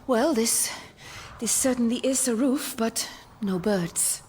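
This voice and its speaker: An actress playing a Swedish woman reunited with an old love, speaking in a breathy, melodramatic way that keeps rambling off track. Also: a little high, slow, heavy background noise. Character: Swedish woman, a man's long-lost love. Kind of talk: radio sitcom acting.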